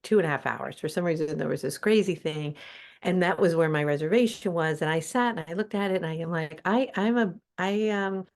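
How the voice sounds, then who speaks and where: A woman with a slightly low voice tells a rambling personal story on a video call. She talks casually, full of fillers, and plays out each exchange in quoted dialogue. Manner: chatty and animated, many fillers and quoted dialogue. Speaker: spiritual teacher hosting a call.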